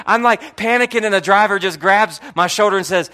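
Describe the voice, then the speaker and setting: High-voiced pastor preaching with loud bursts. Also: male voice, steady tone, quick pace, hardly any pauses. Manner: storytelling, many restarts and fillers, swings from low murmur to loud bursts. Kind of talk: sermon. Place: church hall.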